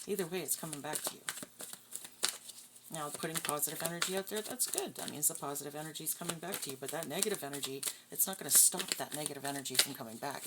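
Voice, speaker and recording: Low-voiced woman, blunt tarot reader. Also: heavy background noise. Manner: blunt, profane, scornful. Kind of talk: casual tarot reading.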